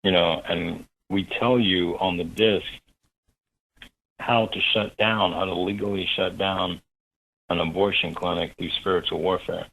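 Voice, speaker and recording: Male guest, husky and low-pitched, animated storyteller. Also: unhurried, poor audio. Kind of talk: storytelling in a radio interview.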